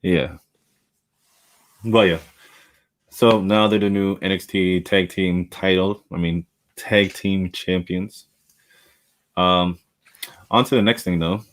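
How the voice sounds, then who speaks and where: A man's voice: low-pitched, slow pace, long pauses. A man hosting a podcast, chatting casually and acting out quotes with a lot of laughter. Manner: animated storytelling, acts out quotes, laughs often. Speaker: podcast host. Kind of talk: casual chat.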